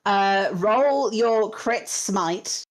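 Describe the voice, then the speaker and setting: A woman's voice: mid-range voice, drawn-out words. A woman acting as game master of a tabletop game, narrating and thinking aloud through the rules.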